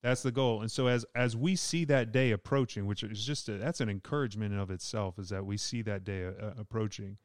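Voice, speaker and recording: Clean studio sound with no echo carries this Southern-accented pastor's lowish voice, which moves fairly quickly with hardly any pauses. It's a relaxed podcast Bible discussion full of jokes and frequent laughter.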